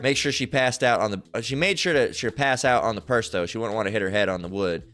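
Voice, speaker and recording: A man's voice: on the low side, fast, over loud music. A man giving a preachy commentary on video clips. He rambles, repeats himself and keeps asking "all right?". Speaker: religious commentator.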